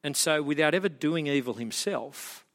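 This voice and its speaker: A man preaches a sermon in a slightly high voice, turning lively and emphatic as he tells the story. His voice carries a long reverb, like a church hall. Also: moderate pace. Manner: animated storytelling, rising to emphatic peaks. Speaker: pastor.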